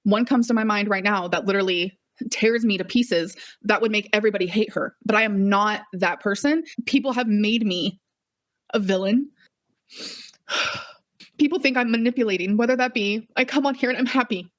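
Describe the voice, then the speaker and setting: A woman's voice: medium pitch, normal speed. A young woman vlogger ranting emotionally on a live stream, heated and swearing, repeating herself, shaky and upset.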